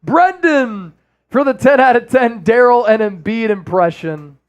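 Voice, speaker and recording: A male host chatting on a casual sports live stream, joking around and reading viewers' comments aloud. He sounds relaxed and loose, an everyday speaking voice. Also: extremely high pitch, a little slow, dull audio.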